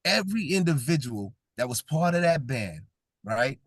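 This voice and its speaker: Lively man giving a joking talk. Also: medium pitch, moderate pace, dry recording, studio quality. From Brooklyn, New York. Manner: joking, audience-engaging, laughs often. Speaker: event speaker. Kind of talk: comedic motivational talk.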